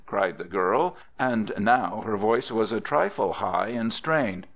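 A man narrating a western audiobook with expressive storytelling. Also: on the low side, takes it slowly, dull audio.

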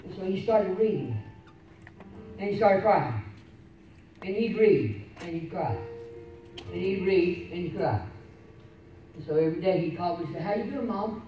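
A woman pastor preaching a sermon, fervent and swinging from loud exclamations to quiet storytelling. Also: fairly low pitch, lively intonation, measured pace, pauses often. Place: church sanctuary. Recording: echoey church, distant mic, faint hiss.

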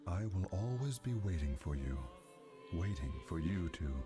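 An actor playing a calm, cryptic, mysterious man in a video game, speaking in slow, measured riddles. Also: sits low. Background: game music.

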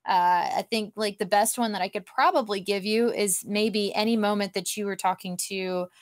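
A woman's voice: mid-range voice, fairly even intonation, normal speed. A woman from Oklahoma co-hosting a casual fan podcast, talking in a bubbly, enthusiastic way. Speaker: podcast co-host. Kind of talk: casual chat.

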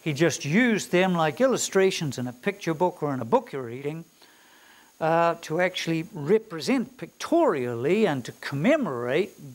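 A man with a New Zealand accent teaches a classroom lecture in a slightly high voice. He is emphatic, stresses key words and keeps asking his students rhetorical questions. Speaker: theology lecturer.

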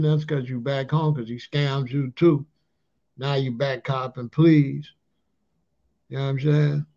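A man's voice: mid-range voice, steady tone, moderate pace, darkish tone. Streetwise man ranting, lo-fi sound. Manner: loose streetwise slang, repeats "allegedly" and "you know what I'm saying". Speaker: commentator on a talk channel. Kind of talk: casual ranting monologue. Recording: dull lo-fi sound.

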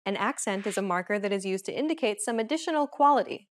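A woman reads a scripted language lesson as its host. Her voice sits at an ordinary middle pitch, and she explains each point in a clear, measured way. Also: animated.

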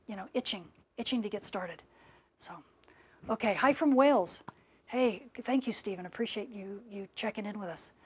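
Middle-aged female live-stream host, slightly high voice, effusive and grateful, voice tired from a long session. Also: breathy edge. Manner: gushing and enthusiastic, warm thanks to viewers. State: voice worn out after a long stream. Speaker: space weather scientist hosting a live Q&A. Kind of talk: live-stream chat reading viewer comments.

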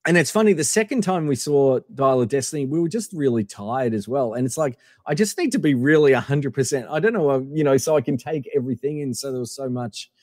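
A man's voice: mid-range voice, expressive, fast, few pauses, darkish tone, dry recording, studio quality, long reverb tail. A man telling a long casual story as a podcast guest, full of fillers and acted-out quotes.

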